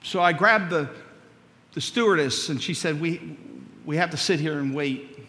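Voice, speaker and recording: With long hall reverb around him, a male pastor acts out a story's dialogue in his sermon, then builds into emphatic preaching. His voice is fairly high and sharp, at a normal speed.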